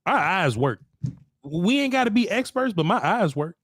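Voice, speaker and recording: A man co-hosting a casual sports talk show, excitable and slangy, laughing often. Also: high voice, moderate pace, no room sound, clean studio sound. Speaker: co-host.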